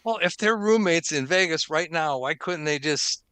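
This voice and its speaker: A man's voice: fairly high pitch, lively intonation, moderate pace, pushed and bright, clean tone, no echo. A man hosting a podcast, chatting casually and reading the show intro in an upbeat way, laughing often. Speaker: podcast host.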